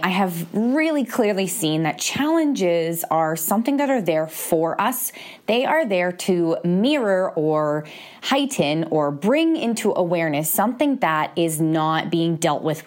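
A young woman hosting her own self-help podcast, talking earnestly and with growing passion, often acting out little inner voices. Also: lowish voice. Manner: earnest, animated, gushing and encouraging. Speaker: podcast host.

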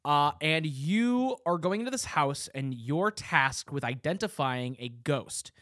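A man's voice: on the high side, lively intonation, a little slow, fairly bright tone, no room sound, studio quality. A man co-hosting a casual podcast chat, explaining things matter-of-factly. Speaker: podcast co-host.

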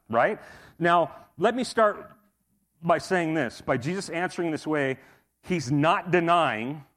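A middle-aged pastor with a fairly high voice delivers a sermon like a chat. He talks loosely, with fillers, restarts and repeated phrases. His tone stays easygoing and plain. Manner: casual, conversational preaching with fillers and repeats.

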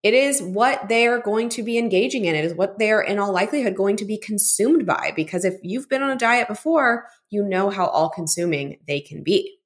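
A woman's voice: mid-range voice, lively intonation, brisk, few pauses. A woman from Texas, a registered dietitian, hosting her own podcast in a chatty, conversational way and often checking in with listeners. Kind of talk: casual solo podcast talk.

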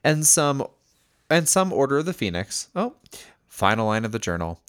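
A man's voice: medium pitch, big pitch swings, moderate pace, clean tone, dry recording, clean studio sound. A male podcast co-host in casual chat, reading a friend's journal aloud with playful, heartfelt asides. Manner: warm, playful, getting emotional.

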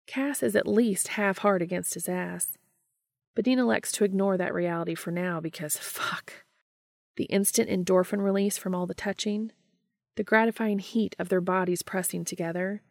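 Gravelly-voiced woman reading fiction softly. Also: mid-range voice, fairly even intonation, moderate pace, no room sound, studio quality. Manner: soft, intimate reading with hushed, unvoiced dialogue. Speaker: fanfiction podcast reader. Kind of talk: narrated reading of fan fiction.

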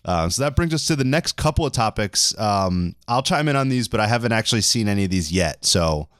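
A man hosting a casual podcast chat, speaking haltingly and often repeating words. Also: fairly low pitch, lively intonation, fairly bright tone, clear, resonant tone, no room sound, studio quality. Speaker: podcast host.

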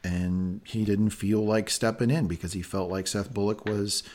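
Man, podcast host, casual recap chat, excitable and swearing, lowish voice. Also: moderate pace. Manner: excitable, profane, animated.

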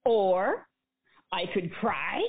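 A woman guest speaker telling personal stories in an interview, earnest and animated. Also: medium pitch, extremely slow, slightly rough. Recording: phone-like narrow band.

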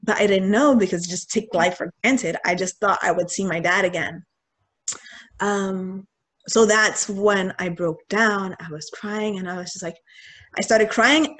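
A woman's voice: mid-range voice, moderate pace. Young woman telling a candid personal story. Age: young adult. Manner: candid and animated, acting out quoted lines. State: getting choked up. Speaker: guest sharing a personal story. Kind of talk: casual storytelling.

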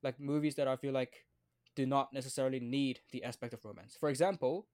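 A man's voice: mid-range voice, fairly even intonation, a little fast, a little mellow. A young man with an Australian accent co-hosting a podcast, chatting casually with frequent hesitations. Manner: hesitant, many fillers and restarts. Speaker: podcast co-host. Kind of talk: casual chat.

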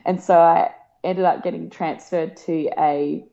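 Aussie woman in her 30s telling her story, lowish voice, kinda dull lo-fi sound. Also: fairly even intonation, measured pace, creaky, dark tone. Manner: emotional, laughing often, acts out quotes in a higher voice. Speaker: guest. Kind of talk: casual storytelling.

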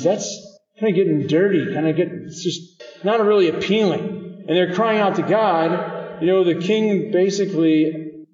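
A man's voice: a little high, dark tone. A man, a priest, giving a chatty homily to children and quizzing them by name. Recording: dull distant recording in an echoey hall.

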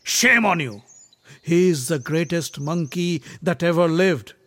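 A man's voice: sits high, normal speed, no room sound, voice pushed up, lightly acted. A man doing a proud, hot-tempered prince. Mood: proud, forceful. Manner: loud, boastful, commanding.

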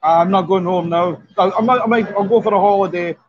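A man's voice: sits high, fairly quick, a crowd in the background. A man who owns a bar, chatting as a guest with short, laid-back replies. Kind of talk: casual chat. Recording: dull lo-fi livestream audio.

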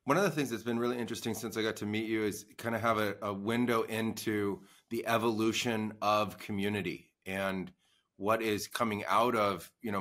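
A man hosting a podcast interview, asking measured questions and offering praise. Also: on the low side, pushed and bright. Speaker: podcast host.

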